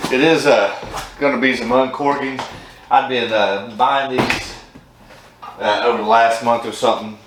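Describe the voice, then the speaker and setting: A man hosts a casual whiskey tasting vlog for his whiskey review channel, chatty and upbeat with frequent laughs. His voice is fairly low yet a bit bright, picked up by a distant mic in an echoey room with a faint background hum.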